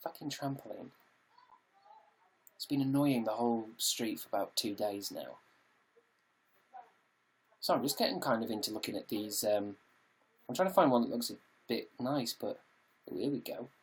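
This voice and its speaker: A man's voice: mid-range voice, moderate pace, pauses often, breathy edge. A British man chatting casually on a live stream, reading out viewer comments and answering them in a jokey, sweary way from his home.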